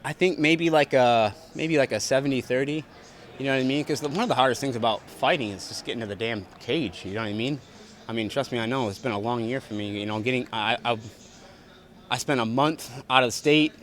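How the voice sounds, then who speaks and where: A man's voice: mid-range voice, a bit bright. A young man, a fighter, answering reporters after a bout in a blunt, profane, repetitive way. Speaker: fighter at post-fight press scrum. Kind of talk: post-fight interview answers. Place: arena backstage press area.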